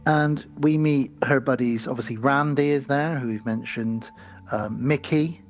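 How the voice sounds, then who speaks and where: A podcast co-host rambles through a casual film recap, filling it with ums. His voice is mid-range and unhurried, with faint music in the background.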